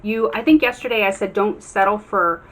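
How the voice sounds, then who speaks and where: A woman's voice: medium pitch, moderate pace. A woman giving a casual tarot reading to her viewers. She talks earnestly and encouragingly, with many ums and restarts. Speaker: tarot reader.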